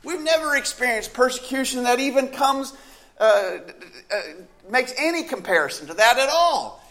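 Male preacher, high lively voice, chatty storytelling sermon full of rhetorical questions. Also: moderate pace.

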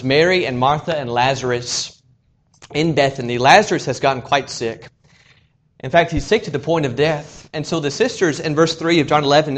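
A male preacher with a slightly higher voice delivers an earnest sermon. He swells to loud, emphatic lines and then drops to a soft hush.

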